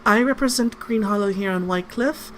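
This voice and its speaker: A man voicing a stern, commanding female elf marshal in a tabletop game, speaking with formal, measured authority. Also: high voice, a bit bright, slight background noise, pitched above the performer's own voice.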